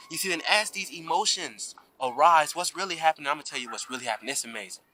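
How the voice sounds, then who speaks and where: Man, bright and fairly high voice, preachy spiritual talk outdoors to a camera mic. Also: quick pace, few pauses, low-quality recording. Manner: emphatic, preachy, keeps asking "you see?".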